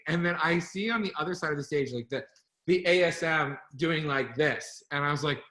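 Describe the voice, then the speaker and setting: Bright-voiced animated male storyteller. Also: a little high, brisk. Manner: animated storyteller, laughs while telling stories. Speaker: co-host. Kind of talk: casual online chat.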